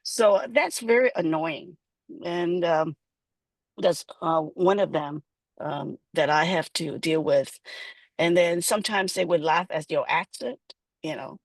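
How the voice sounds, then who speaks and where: A woman on a discussion panel, speaking in a measured way with frequent pauses and fillers. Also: low voice, no echo.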